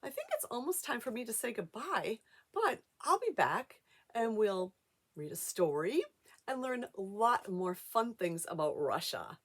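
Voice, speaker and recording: A woman's voice: on the high side, big pitch swings, a little slow. A middle-aged woman giving a show-and-tell lesson to young children, talking in an exaggerated sing-song way and asking them questions. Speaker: children's teacher.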